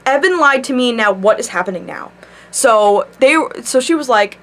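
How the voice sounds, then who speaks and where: A young woman vlogger casually telling a rambling story at home, animated, swearing and laughing often. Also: fairly high pitch, normal speed, a little hiss or hum.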